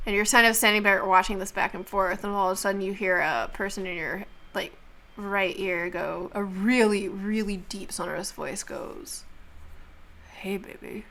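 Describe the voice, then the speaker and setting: A woman running a tabletop role-playing game as game master, narrating scenes in an animated, laughing way. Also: medium pitch, moderate pace, slight background noise. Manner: animated storyteller who laughs often.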